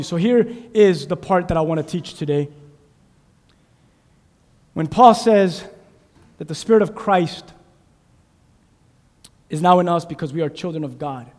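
A man preaching a sermon to a congregation, asking them questions and waiting for answers, building from quiet teaching to shouted emphasis. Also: sits high, moderate pace, pauses often, in a large hall. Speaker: pastor. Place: church sanctuary.

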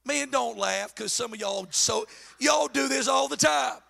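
A man preaches a sermon in a very high, gravelly voice. His tone is bright and forceful. He slides from low asides into shouted exhortation and acts out the voices he quotes with mocking flair. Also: unhurried, faint music behind. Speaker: pastor.

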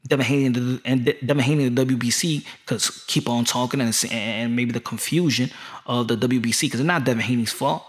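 A man's voice: mid-range voice, steady tone, brisk. A man ranting casually as a boxing vlogger, rambling and joking with plenty of swearing. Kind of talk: casual rant.

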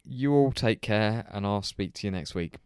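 Smooth-voiced easygoing podcast host. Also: male voice, lowish voice, moderate pace, darkish tone, dry recording, studio quality. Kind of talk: casual chat.

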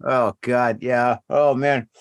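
A man's voice: mid-range voice, slow, clear, resonant tone, no room sound. A man co-hosting a podcast in casual late-night chat, rambling with lots of fillers, tired and a little drunk. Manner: rambling, filler-heavy, tipsy and relaxed. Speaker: podcast co-host.

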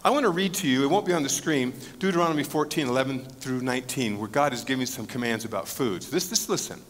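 This male pastor talks fast in a mid-range voice, delivering an expository Bible sermon conversationally to his congregation, posing questions and cracking jokes on the side. The recording, made in a church sanctuary with a live audience, has the lengthy echo of a church hall.

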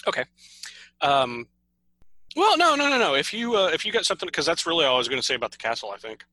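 Bright-voiced man chatting on a podcast. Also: fairly high pitch, fast, dry recording, poor audio. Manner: relaxed, laughs often, reads notes on band history. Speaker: podcast co-host. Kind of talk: casual chat.

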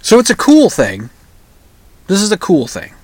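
A middle-aged man from the upper Midwest, hosting his own show in a rambling, halting monologue full of restarts. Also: high-pitched, huge pitch swings, a little mellow, dry recording. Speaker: podcast host. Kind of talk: casual monologue.

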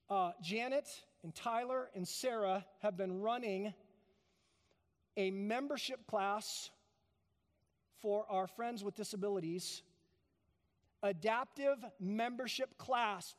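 A pastor preaching a sermon in a church, emphatic, building to loud peaks and then dropping soft. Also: male voice, high-pitched, slow pace, pauses often, big-room sound. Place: church sanctuary.

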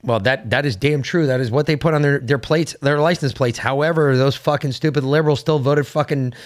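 A man's voice: mid-range voice, brisk. A man co-hosting a political podcast, talking bluntly and argumentatively with frequent swearing. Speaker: podcast co-host.

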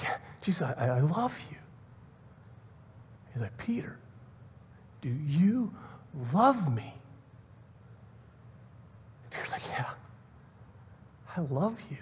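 A man's voice: a little high, long reverb tail. A man preaching a sermon in a conversational way, repeating words and asking the listeners rhetorical questions. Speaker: pastor.

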